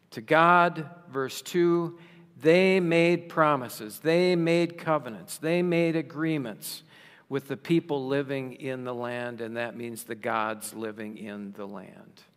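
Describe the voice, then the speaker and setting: A man preaching a sermon in a slow, emphatic way, raising his voice for rhetorical questions. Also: mid-range voice, fairly bright tone, clear, resonant tone. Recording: long reverb of a large hall.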